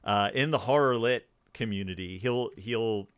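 A podcast co-host with a lowish, slightly bright, clear, resonant voice chats about books at a normal speed in a rambling, playful, joking way. The recording is dry and studio quality.

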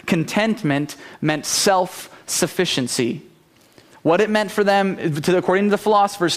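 A man preaching a sermon as pastor, earnest, asking rhetorical questions of the congregation. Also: high voice.

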